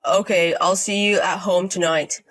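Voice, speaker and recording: A woman doing a low, easygoing young husband. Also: steady tone, normal speed, a bit bright, natural voice.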